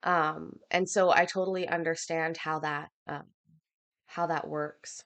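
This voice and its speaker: Woman host on a live stream, kinda hoarse from a cough, lots of ums and likes, talks to chat. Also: deep voice, steady tone, a little slow, fairly bright tone. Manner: chatty, filler-heavy, reads out viewer comments. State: coughing, a bit out of breath. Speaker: livestream host. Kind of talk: casual livestream chat.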